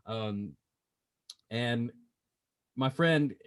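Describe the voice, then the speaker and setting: A man hosting a podcast in casual chat, telling stories in a playful, animated way. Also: medium pitch, very slow, smooth. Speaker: podcast host.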